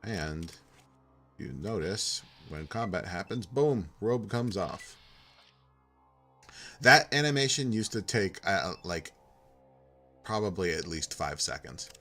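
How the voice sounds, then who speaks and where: A man narrates his game playthrough in a relaxed, rambling way, reading out on-screen text as he goes. His voice is low. Faint music runs in the background. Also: slow, vocal fry, long pauses. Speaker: game streamer. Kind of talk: casual gameplay commentary.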